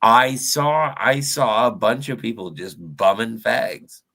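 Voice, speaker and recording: A man in a casual podcast chat, telling deadpan jokes. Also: mid-range voice, slow, gravelly, noisy background.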